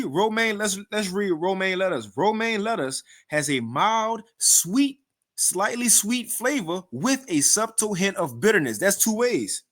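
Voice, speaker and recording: A man giving informal scripture commentary with readings, animated and mocking, often repeating and restarting words. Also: high-pitched. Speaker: scripture teacher reacting to another video.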